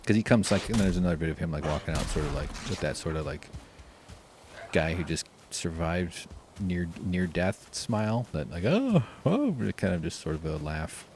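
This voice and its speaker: A man telling a rambling story while playing a game, swearing freely and doing loud impressions. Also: low-pitched, moderate pace, slight background noise. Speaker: streamer. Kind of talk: casual gameplay commentary. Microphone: desk mic with face cam.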